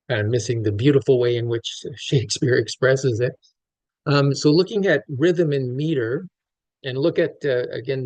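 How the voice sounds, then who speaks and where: A man's voice: mid-range voice, darkish tone, no echo, low-quality recording. Dry-sounding man giving a literature lecture. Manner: thoughtful, many restarts and fillers. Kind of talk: close-reading lecture.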